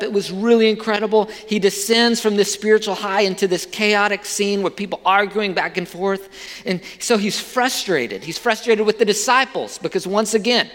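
A man with a high voice preaches to his congregation. He talks in a relaxed, conversational way and keeps asking the listeners rhetorical questions. His voice rings with the long reverb of a large hall. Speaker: pastor. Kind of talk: sermon.

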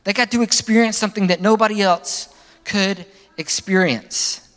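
A male pastor delivering a sermon in an animated manner, his pitch jumping up for emphasis and sinking low at the end of phrases. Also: moderate pace, in a large hall.

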